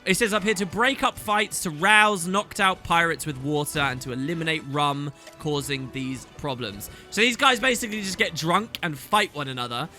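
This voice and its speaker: A man's voice: moderate pace, few pauses, pushed and bright, soft background music. A man in his thirties narrating a video game playthrough, chatty and enthusiastic. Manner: enthusiastic, chatty, swoops in pitch. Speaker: let's play host. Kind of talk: game commentary.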